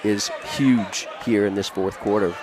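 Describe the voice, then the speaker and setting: A man commenting on a high school basketball game, chatting and joking with his co-host between plays. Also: fairly even intonation, measured pace. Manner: chatty, jokey banter with co-host. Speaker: play-by-play commentator. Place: school gymnasium. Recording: noisy gym with ball bounces.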